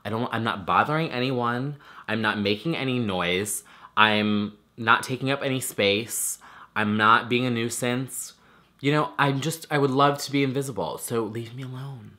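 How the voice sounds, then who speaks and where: A man's voice: mid-range voice, normal speed, bright, forceful tone. A young man with a nasal voice chatting casually and swearing often, recovering from a swollen throat. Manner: chatty, swears a lot, many "like" fillers. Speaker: vlogger. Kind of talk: casual chat.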